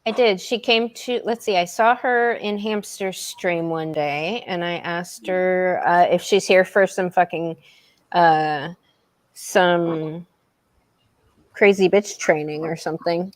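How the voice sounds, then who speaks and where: A woman's voice: fairly low pitch, fairly even intonation, slow, no echo. Blunt swearing woman, dry sound. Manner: blunt, swears, laughs often. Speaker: streamer. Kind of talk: casual podcast chat.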